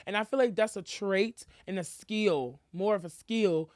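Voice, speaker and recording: A woman's voice: medium pitch, measured pace, darkish tone, no room sound, studio quality. A woman co-hosting a casual talk show, chatting freely and acting out what other people said in a mocking tone. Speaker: podcast co-host. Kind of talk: casual chat.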